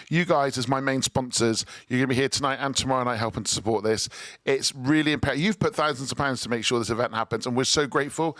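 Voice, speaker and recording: A man hosting a live charity auction on the radio, pitching lots with quick, jokey salesman patter. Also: a bit bright, no room sound.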